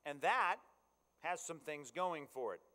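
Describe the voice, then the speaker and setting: A male pastor preaching in an easy, conversational style, often asking his listeners if they follow. His voice sits a touch high and carries a long reverb, as in a big hall. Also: lively intonation, unhurried, sharp tone. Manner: conversational, checks in with the audience. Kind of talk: sermon.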